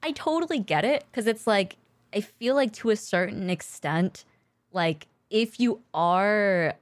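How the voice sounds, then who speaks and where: Lively young woman with a very dry sound. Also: medium pitch, unhurried, no echo. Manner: laughing, swearing, rambling with many fillers. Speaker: podcast co-host. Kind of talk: casual chat.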